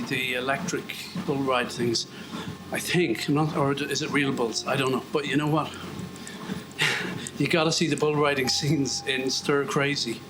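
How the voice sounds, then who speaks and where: A man's voice: mid-range voice, noisy background. A man from Ireland who talks in a chatty, self-mocking way and wanders off topic while he walks on a treadmill. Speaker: vlogger. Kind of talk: rambling treadmill monologue.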